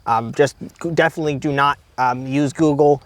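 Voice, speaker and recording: A man's voice: mid-range voice, normal speed, no room sound. A man appearing as a guest at an outdoor shooting range, easygoing, exclaiming at big hits and hesitating with fillers when put on the spot. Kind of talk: casual chat.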